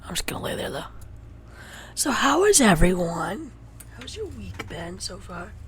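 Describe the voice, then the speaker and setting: A young woman streaming a game, chatting casually and shifting between hushed muttering and excitable talk. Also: medium pitch, measured pace. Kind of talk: casual gameplay livestream chat.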